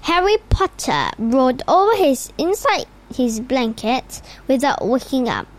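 A woman reading a children's storybook aloud in an unhurried way, with occasional slips and restarts. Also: high voice, big pitch swings, low-quality recording. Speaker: reader.

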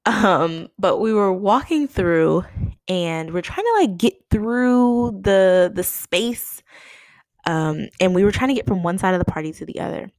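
A woman's voice: medium pitch, animated, unhurried, darkish tone, dry recording. A young woman casually telling a story, acting out the quoted lines with big jumps in her voice.

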